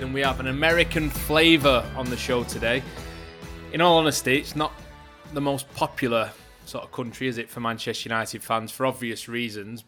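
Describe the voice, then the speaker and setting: A man hosting a casual podcast chat, jokey and quick to laugh as he introduces his guests. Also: medium pitch, sharp tone. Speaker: podcast host.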